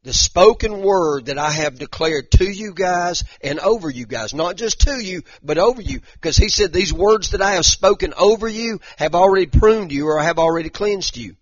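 An older man, teaching a conversational sermon as a pastor in a folksy, animated way that rises to emphatic bursts. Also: high voice, normal speed, hardly any pauses, no echo, highs cut off. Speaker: pastor teaching a Bible study.

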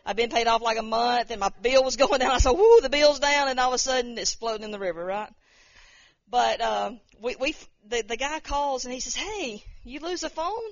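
A woman's voice: a little high, brisk, no echo, muffled recording. A woman giving an informal spoken testimony, rambling and repeating words, acting out the voices of people she quotes. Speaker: speaker sharing a testimony.

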